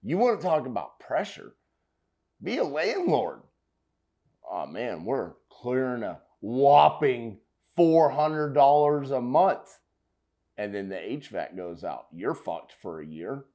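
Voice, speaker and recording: A man reacts to clips in casual commentary. He is loud and emphatic and swears freely. His voice sits at an ordinary male pitch. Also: big pitch swings, slow.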